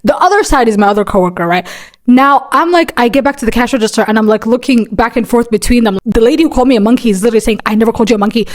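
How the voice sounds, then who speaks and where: Fast-talking chatty young woman. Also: fairly high pitch. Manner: rambling, chatty storytelling full of "like" and "right?"; profane, dramatic. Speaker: vlogger. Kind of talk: storytime vlog.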